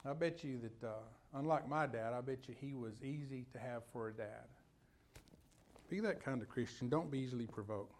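A man's voice: mid-range voice, moderate pace. A man preaching a sermon in a folksy, conversational way, telling personal stories and putting questions to his listeners.

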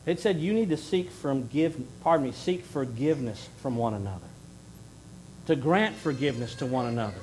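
A middle-aged man preaching a sermon in earnest, rising to loud emphasis and then dropping to a hushed plea. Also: mid-range voice, expressive, normal speed, slight background noise, poor audio. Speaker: pastor.

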